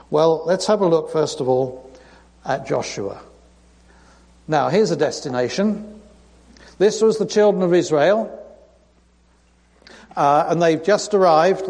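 A man gives a sermon from the front of a church. His voice sits slightly high and his tone is chatty and informal, and he gets louder and more earnest when he reads scripture. A long reverb from the church hall hangs after his words. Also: vocal fry. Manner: conversational, reads scripture with rising emphasis. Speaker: preacher. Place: church sanctuary.

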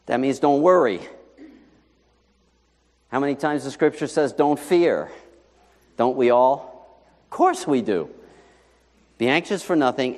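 A male pastor preaching a sermon in a lively, conversational way, full of rhetorical questions to the congregation. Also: mid-range voice. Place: church sanctuary. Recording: long reverb in a large hall.

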